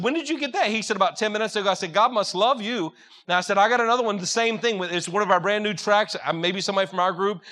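A man's voice: high-pitched, bright, forceful tone. A young man preaching a sermon in an earnest, direct way, telling personal stories to a congregation.

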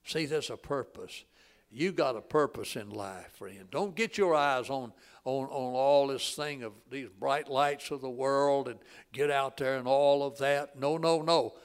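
A man, preaching a sermon in a folksy storytelling way that swells loud and drops to a hush. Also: mid-range voice, measured pace, clean tone. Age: 80s.

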